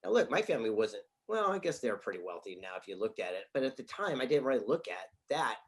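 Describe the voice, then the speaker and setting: A man, an author and speaker, answering interview questions with animated stories and acted-out dialogue from his office. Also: mid-range voice, fast talker. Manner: animated storyteller, acts out quoted dialogue.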